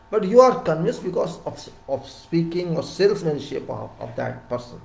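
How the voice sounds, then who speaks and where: A man with an Indian English accent giving a lecture-style talk on civil engineering, emphatic and repeating words, his voice rising loud and dropping soft. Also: on the high side, expressive, moderate pace, vocal fry, reverberant, rough recording.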